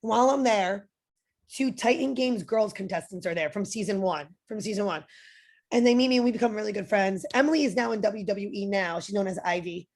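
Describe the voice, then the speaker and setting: A young adult woman, a podcast guest, telling a story in a lively way, acting out what others said and using "like" a lot. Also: mid-range voice, a little fast. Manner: lively, acts out quoted voices, frequent "like" fillers. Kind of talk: animated storytelling.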